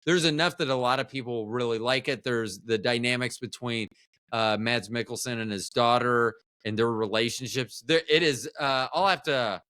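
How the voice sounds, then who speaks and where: A man's voice: mid-range voice, moderate pace, bright, forceful tone, clear, resonant tone, no room sound, clean studio sound. A man in his fifties, a film producer guest on a podcast, talking in a rambling, enthusiastic way with many restarts. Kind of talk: casual podcast chat.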